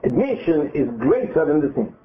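A man's voice: on the high side, very animated, moderate pace. A man giving a Torah lesson, retelling scripture with many repeats and acted quotes. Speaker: religious teacher. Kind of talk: Torah lesson to a live group. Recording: narrow phone-like audio.

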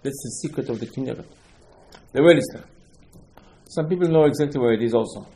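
A man teaches Torah as an animated storyteller. He acts out the quotes himself and keeps pressing rhetorical questions, with sudden emphatic bursts. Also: medium pitch, fast talker, rough recording.

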